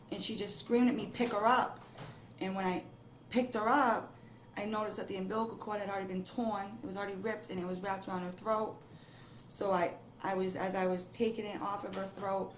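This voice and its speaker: Young woman, interviewee, flat even delivery at first, emotional retelling, echoey room, faint hiss. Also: medium pitch. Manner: breathless, rising emotion, quoting others in the retelling. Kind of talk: emotional personal account.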